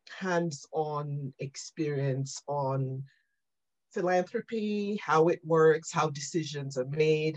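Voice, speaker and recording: A woman being interviewed on a podcast, telling animated stories about her career and often checking in with "right?" and "you know". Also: low voice, rough recording. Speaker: guest.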